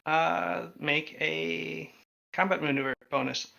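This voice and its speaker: A man's voice: a little high, fairly even intonation, takes it slowly, vocal fry, sharp tone. A man running a tabletop game as game master, narrating hesitantly with many ums and uhs. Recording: dull lo-fi audio.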